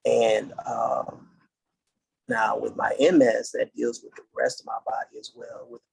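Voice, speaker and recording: A middle-aged man from the United States, a podcast guest, telling his story in an earnest, halting way and restarting dates as he goes. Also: medium pitch, fairly even intonation, gravelly, a little mellow, slightly rough, low-quality recording. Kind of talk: casual interview storytelling.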